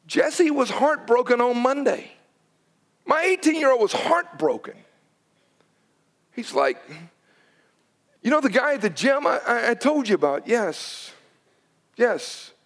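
A man in his forties preaches a sermon with a notably high voice. He tells stories and acts out the people in them, pressing his points with urgency. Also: sing-song, takes it slowly, pauses often, a bit bright. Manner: storytelling with acted quotes, urgent emphasis. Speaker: pastor.

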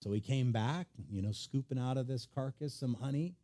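A man preaching a sermon, retelling a story with animated storytelling and acted-out voices. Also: mid-range voice, moderate pace. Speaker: pastor.

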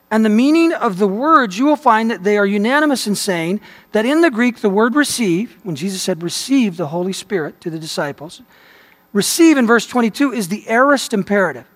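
A man with a high voice delivers a sermon, reading quotations with emphatic stress. His voice rings with the long reverb of a large hall. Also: lively intonation, brisk. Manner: preacherly, reads quotations aloud with emphasis. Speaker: pastor. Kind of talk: sermon teaching.

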